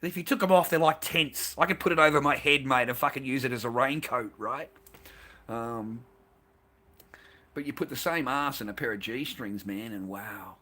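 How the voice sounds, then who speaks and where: Brash male stream host, profane rambling, bright tone. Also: mid-range voice, normal speed. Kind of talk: crude rambling monologue.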